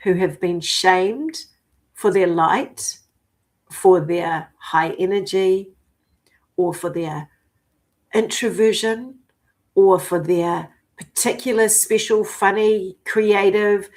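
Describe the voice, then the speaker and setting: A woman's voice: mid-range voice, fairly even intonation, slow pace. Swearing, emphatic woman in her fifties. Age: 50s. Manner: profane and emphatic, swings between declaring and hushed whispers. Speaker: spiritual coach. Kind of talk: spiritual vlog monologue.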